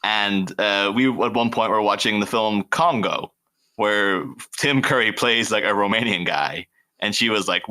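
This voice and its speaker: Irish guy, podcast guest, lowish bright voice, sounds kinda american, chatty. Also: a little slow. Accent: mild Irish, near American on mic. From Ireland. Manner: chatty, laughs while telling stories. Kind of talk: casual chat.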